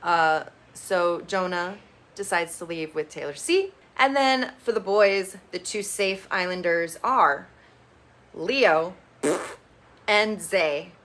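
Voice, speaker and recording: Woman, reality TV recap vlogger, bright voice, chatty, opinionated, blunt, casual swearing. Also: on the low side, slow pace. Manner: chatty, gossipy storytelling with bursts of excitement.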